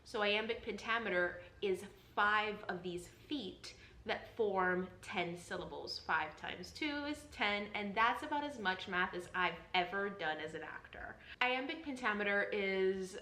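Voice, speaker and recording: A woman's voice: mid-range voice, expressive, a little slow, sharp tone. A young woman, an actor, gives an earnest, encouraging lesson on reading Shakespeare, explaining things step by step. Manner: earnest, encouraging, repeats reassurances. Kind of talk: enthusiastic explanatory vlog lesson. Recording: roomy echo.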